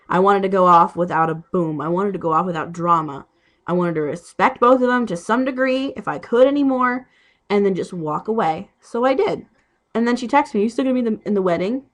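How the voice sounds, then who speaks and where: A woman's voice: on the low side, a bit bright. A young woman who is sick with a cough, ranting casually and profanely about a friend. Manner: exasperated, profane ranting storytelling. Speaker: vlogger. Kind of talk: casual rant.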